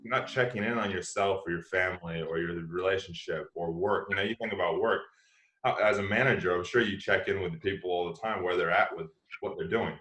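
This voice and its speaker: A man hosting a podcast interview, talking in a lively, rambling way with frequent restarts and laughs. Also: low-pitched, fairly quick. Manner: animated, repeats and restarts, laughs often. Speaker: podcast host. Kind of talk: casual interview chat. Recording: echoey room.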